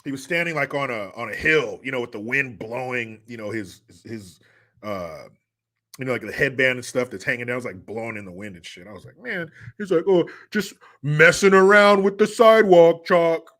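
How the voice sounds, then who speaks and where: A male live-stream host talking casually and rambling from topic to topic, swearing freely. His voice moves up and down a lot and has a bright edge. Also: mid-range voice, lively intonation, fairly quick. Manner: profane, rambling, joking. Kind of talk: casual live-stream talk, reading chat.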